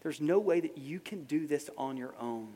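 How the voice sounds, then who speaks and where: A man preaching a sermon in a casual, conversational way, dropping soft and then rising to emphatic. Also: a little high, expressive, normal speed. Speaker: pastor. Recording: long hall reverb.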